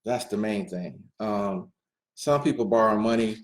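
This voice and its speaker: A man's voice: on the low side, measured pace. A man hosting a talk radio show, making loose, unscripted announcements with frequent fillers.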